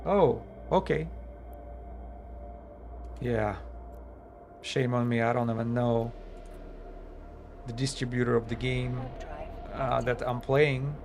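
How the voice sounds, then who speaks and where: A man's voice: mid-range voice, fairly even intonation, slow, long pauses, darkish tone, a little hiss or hum. A man chatting casually during a live game stream, thinking aloud with fillers and slightly non-native phrasing, his voice tired after hours of talking.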